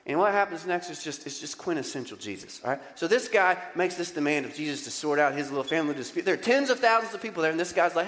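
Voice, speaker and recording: A male pastor preaching a lively, conversational sermon and often putting questions to the congregation. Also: sits high, quick pace, hardly any pauses, long reverb tail. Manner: animated, conversational, asks the crowd questions.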